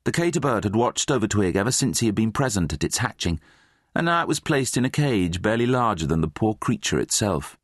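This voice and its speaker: A man's voice: fairly low pitch, a little fast, dry recording, clean studio sound. A man narrating a children's fantasy audiobook, reading expressively. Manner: expressive, voices many characters. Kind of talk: scripted storybook narration.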